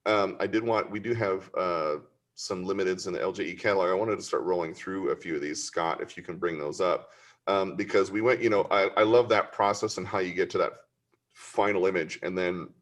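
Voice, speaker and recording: A man's voice: deep voice, steady tone, fairly quick. A man hosting a casual interview, chatty and easygoing, plugging items for sale. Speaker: host.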